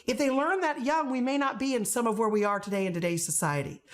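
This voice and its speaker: A middle-aged woman coaching teachers in a playful, animated way, often acting out the voices she quotes. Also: on the high side, fast. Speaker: teacher trainer.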